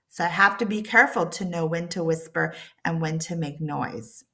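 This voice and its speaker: A woman teaching an accent reduction lesson, drilling consonant sounds with slow, careful enunciation. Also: on the low side, animated, vocal fry, bright, forceful tone. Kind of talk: pronunciation lesson.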